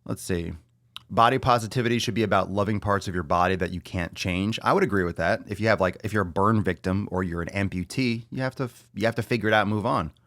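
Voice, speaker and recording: A man's voice: lowish voice, fast talker, a bit bright, no echo, clean studio sound. A man hosting a podcast, ranting bluntly and sarcastically with lots of swearing, repeating lines for emphasis, then taking audience questions. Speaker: podcast host. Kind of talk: solo podcast rant and Q&A.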